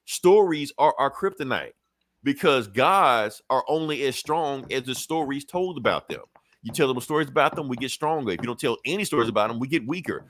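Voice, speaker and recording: A man hosting a podcast, recapping a comic in a casual, animated way, swearing freely and briefly acting out characters' lines. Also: medium pitch, fairly quick, a little hiss or hum. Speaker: podcast host.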